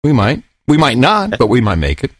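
Man, podcast co-host, playful banter, lively pitch, dry sound. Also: a little fast, no echo. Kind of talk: casual chat.

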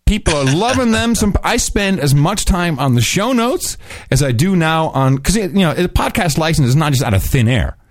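A man co-hosting a podcast, chatting casually about politics in an animated, mocking way and sometimes breaking into silly voices. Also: on the high side, normal speed, no echo, studio quality. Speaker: podcast co-host.

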